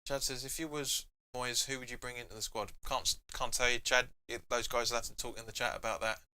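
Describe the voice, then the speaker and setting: A young man hosts a live football watch-along, reading out viewer comments and talking back to them in a loose, chatty way. His voice is very bright and forward, at a middle pitch, and now and then he erupts into shouts at the match. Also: fairly even intonation, fairly quick, clear, resonant tone. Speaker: fan channel host.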